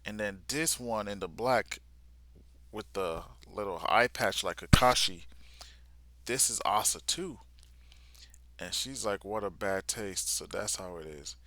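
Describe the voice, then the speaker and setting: A man's voice: lowish voice, lively intonation, unhurried, long pauses, fairly bright tone, dry recording. A man giving a live reaction to a comic, retelling it in casual slang and sometimes sinking to a near-whisper. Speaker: vlogger reacting live to a manga.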